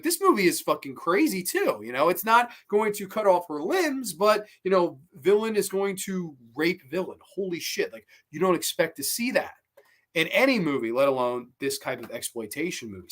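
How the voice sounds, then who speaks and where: A man hosting a horror movie review show, chatting casually, swearing freely and retelling scenes with excitement. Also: high-pitched, moderate pace.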